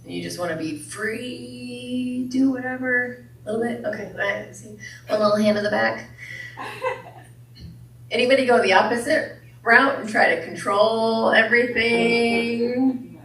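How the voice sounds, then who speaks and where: A woman minister with a slightly high, somewhat bright voice delivers a playful, joke-filled sermon at a measured pace, frequently posing questions to her congregation. She is recorded from a distance in an echoey church hall.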